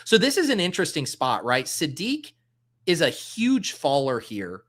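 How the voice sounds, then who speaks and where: A man's voice: fairly high pitch, wildly swooping pitch, normal speed, a bit bright. A man hosting a casual livestream, thinking aloud as he drafts and answering chat comments in a loose, joking way. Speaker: livestream host drafting fantasy football.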